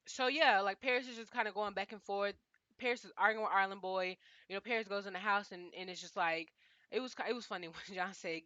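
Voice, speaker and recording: A young woman casually recapping a reality show, chatty and animated, full of slang, often talking straight to the cast members. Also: mid-range voice, fast talker, no room sound, highs cut off.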